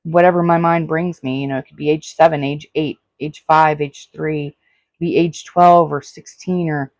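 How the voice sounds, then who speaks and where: A woman's voice: sits low, steady tone, normal speed, darkish tone, no echo. Host, woman in her forties, earnest self-help advice, dry close recording. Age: 40s. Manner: earnest, repetitive, advice-giving. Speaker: podcast host. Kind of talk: solo self-help podcast talk.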